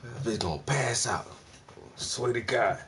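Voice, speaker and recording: A man who is a vlogger and artist rants casually about his neighbors, slangy, profane and laughing a lot. His mid-range voice is a bit bright and a little slow, with a little hiss or hum in the recording.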